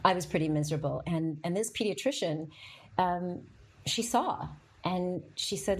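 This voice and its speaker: A woman's voice: on the low side, normal speed, slightly rough. A middle-aged woman hosting a podcast, telling a personal story in a candid, emotional way, with frequent fillers and to a live audience. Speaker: podcast host.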